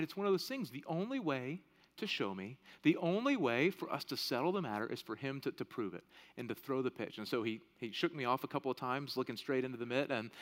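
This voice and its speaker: In a large hall with long reverb, a man in his thirties, a pastor, delivers a conversational sermon, frequently asking "right?". His voice is fairly high-pitched with a fairly bright tone.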